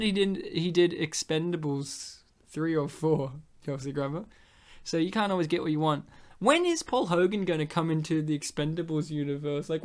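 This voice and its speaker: A man chatting casually on a podcast, rambling through comic bits. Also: fairly high pitch. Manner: rambling, joking, slips into silly voices and laughs often. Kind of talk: casual comedic chat.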